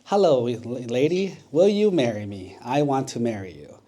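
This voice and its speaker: An eager young boy bird from a children's storybook, sweet-natured and a bit slow-witted, as a man puts him on. He talks in a mellow, dark tone with an earnest, pleading manner. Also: medium pitch, expressive, lightly acted. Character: naive kind young male bird suitor.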